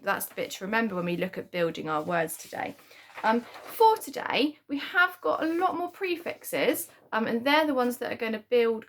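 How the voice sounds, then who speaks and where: A woman's voice: mid-range voice, a little hiss or hum. A woman teaching a children's spelling lesson from home, talking in a chatty way with many "um"s and "kind of"s. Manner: chatty, lots of "um" and "kind of" fillers. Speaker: primary school teacher.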